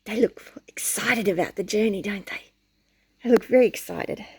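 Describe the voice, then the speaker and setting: A woman reading a picture book aloud to children in an animated way, often pausing to ask the listener questions. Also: mid-range voice, a little hiss or hum. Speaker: storyteller.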